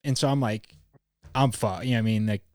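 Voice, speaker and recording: A man's voice: fairly low pitch, quick pace, darkish tone, no echo. Young man telling a rambling story, dry mic. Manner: rambling, profane, fond of "like" and quoting people mid-story. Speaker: podcast host. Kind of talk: casual storytelling chat.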